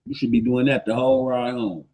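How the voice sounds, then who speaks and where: Man co-host, mid-pitched, blunt profane storyteller on a casual live stream. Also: wildly swooping pitch, fairly quick, vocal fry, darkish tone, poor audio.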